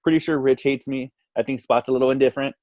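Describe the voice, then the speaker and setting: A man tells a casual story in an animated way, jumping into quoted lines as he goes. His voice sits at a middling pitch. The recording is dry and close, with no room sound. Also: quick pace, no echo. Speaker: podcast guest.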